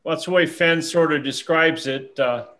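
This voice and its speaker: A man's voice: on the high side, moderate pace, bright, forceful tone. A man hosting a casual group chat, who jumps in with long conversational explanations.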